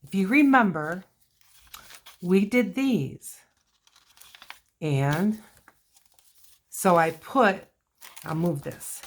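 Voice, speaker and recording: A woman's voice: on the low side, lively intonation, very slow, pauses often. A woman hosting a casual crafting video, chatting and talking to herself while she works on a journal.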